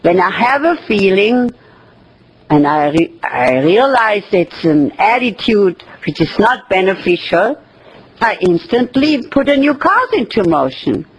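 A woman giving an inspirational talk about self-love, speaking in an expressive way with pauses and soft laughs. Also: medium pitch, slightly rough, dull audio.

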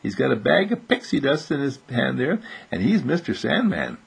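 Raspy gravelly guy doing a playful bedtime story for kids, lots of ups and downs in his voice. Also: mid-range voice, moderate pace. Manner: animated, playful, jumps into children's voices; soothing and soft when winding down to sleep. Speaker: children's storyteller.

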